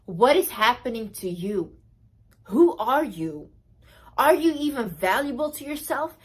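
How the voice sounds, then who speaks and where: Young female vlogger, slightly high voice, blunt and emphatic self-help advice. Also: breathy edge. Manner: emphatic and blunt, repeating key phrases. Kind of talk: motivational advice monologue.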